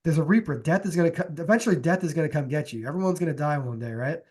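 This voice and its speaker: Rambling, somewhat high-voiced man. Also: racing, husky. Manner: relaxed, rambling, many fillers. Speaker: podcast co-host. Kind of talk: casual chat.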